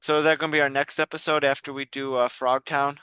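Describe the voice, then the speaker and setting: Man, podcast co-host, bright and crisp, dry sound, rambling casual chatter. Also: on the high side, flat delivery, quick pace, no room sound. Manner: rambling, many restarts and fillers. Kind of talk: casual chat.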